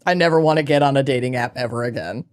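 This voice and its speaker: Smooth-voiced woman co-hosting a chat. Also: extremely low pitch, quick pace, a little mellow. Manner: frank and profane. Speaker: podcast co-host. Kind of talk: casual chat.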